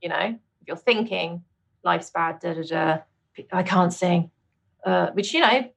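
A middle-aged woman with a British accent, a vocal coach chatting as a guest on a podcast, laughing often and jumping into bright, high exclamations. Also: unhurried, gravelly, husky. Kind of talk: casual interview chat.

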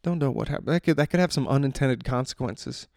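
Gravelly man rambling on a podcast. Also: mid-range voice, fast, darkish tone, dry recording, clean studio sound. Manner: rambling, profane, self-interrupting. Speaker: podcast host. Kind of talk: casual solo podcast monologue.

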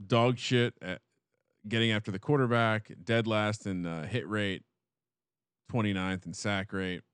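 A man co-hosting a sports betting show, rattling off stats with playful catchphrases and quick self-corrections. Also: on the low side, steady tone, a bit bright, smooth, no echo. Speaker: sports betting podcast co-host. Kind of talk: casual sports betting chat.

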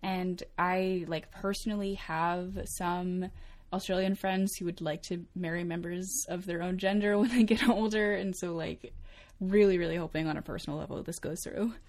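A young woman co-hosting a casual chat with a slightly low voice. She talks in a chatty way, with many fillers and frequent laughs. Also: steady tone, normal speed, darkish tone. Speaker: co-host.

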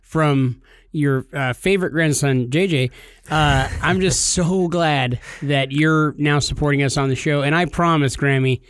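A man's voice: fairly high pitch, unhurried, smooth. A young man co-hosting a podcast, teasing his partner in joking, theatrical banter. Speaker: podcast co-host.

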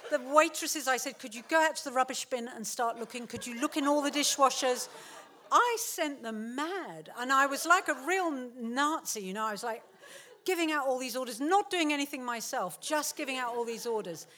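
Middle-aged woman, author telling a comic story on stage, animated, slightly high voice. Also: normal speed. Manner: animated, laughing, acts out quotes. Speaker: author giving a talk. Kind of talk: storytelling to a live audience. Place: theatre stage.

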